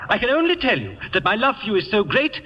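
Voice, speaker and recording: An actor playing a vain, witty English playwright with an English accent, talking in a grand, pompous way in 1940s radio acting. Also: male voice, sits high, wildly swooping pitch, fast, slight background noise. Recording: muffled vintage radio with hall echo.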